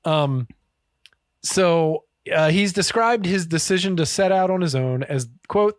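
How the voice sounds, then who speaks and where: A man co-hosting a podcast, telling a story casually and swearing freely in an animated way. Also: high-pitched, measured pace, dry recording. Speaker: podcast co-host. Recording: dry close-miked podcast audio.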